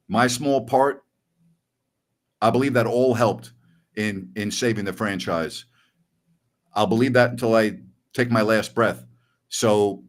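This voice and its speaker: A middle-aged man and sports radio host telling a story in casual podcast chat, animated and acting out voices. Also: on the low side.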